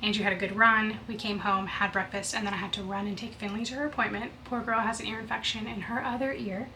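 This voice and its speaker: A woman's voice: mid-range voice, steady tone, quick pace, sharp tone. A young woman vlogging casually at home, chatty and gushing, recorded on a basic camera mic. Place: home, indoors. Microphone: built-in camera mic, not her good mic. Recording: faint air conditioning hum.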